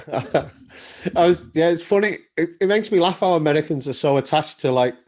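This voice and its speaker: Higher-voiced friendly podcast host. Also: male voice, normal speed, darkish tone. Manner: friendly, laughs along, asks short questions. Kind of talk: casual chat.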